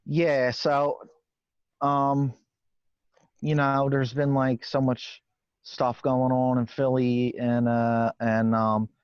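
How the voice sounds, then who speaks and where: A man's voice: medium pitch, flat delivery, slow, clear, resonant tone, no echo, close to an everyday voice. A man playing a nervous, rambling working-class guy, stammering and swearing casually in a comedy interview. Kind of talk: improvised comedy character interview. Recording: dull lo-fi dry sound.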